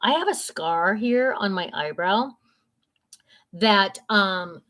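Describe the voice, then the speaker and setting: A woman's voice: medium pitch, expressive, slow pace, fairly bright tone. An older woman hosting a casual livestream from home, reading viewer comments aloud and chatting in a rambling way with many fillers. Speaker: live-stream host.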